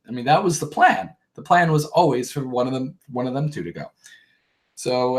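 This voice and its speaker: Podcast host, man, mid-pitched, casual recap style, rambling and profane. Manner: rambling, profane, joking asides. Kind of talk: casual reality-show recap.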